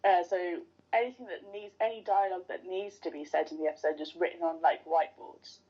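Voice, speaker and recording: A woman chats eagerly as a guest on a podcast, her voice low-set and mellow. The recording sounds dull and lo-fi. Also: fairly even intonation, fairly quick. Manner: chatty, enthusiastic fan talk. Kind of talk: casual interview chat.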